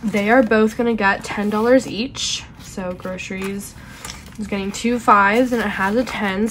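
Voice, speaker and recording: A woman's voice: medium pitch, fairly even intonation, measured pace, a bit bright, a little hiss or hum. A young woman hosting a budgeting vlog, congested from pollen, chatting casually and counting cash aloud with frequent fillers. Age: young adult. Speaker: budgeting channel host.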